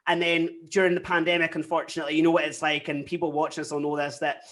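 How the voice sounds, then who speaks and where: Speaking fast and openly, this young Scottish guest has a slightly high voice for a man. In a laid-back interview, he rushes through lively anecdotes, often slipping into quoted asides as he retells them, keeping it all casual and chatty.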